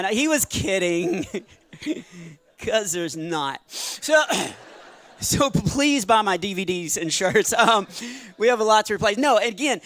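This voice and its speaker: A middle-aged man doing stand-up comedy on a church stage, shifting between earnest testimony and playful jokes, with quick asides and laughs at his own lines. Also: high voice, a bit bright. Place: church stage before a live audience.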